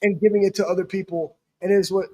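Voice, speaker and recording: A man's voice: sits high, flat delivery, fast talker, warm tone, breathy edge. A man co-hosting a sports talk show as a former player, speaking earnestly and repeating points for emphasis. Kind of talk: casual sports chat.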